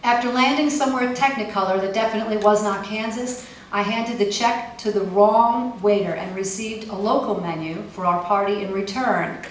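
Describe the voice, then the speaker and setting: A woman's voice: medium pitch, normal speed, a little hiss or hum. A woman poet giving a live poetry reading with a wry, pointed delivery and casual asides between poems. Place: poetry festival venue. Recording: echoey room, mic far off, faint ambience.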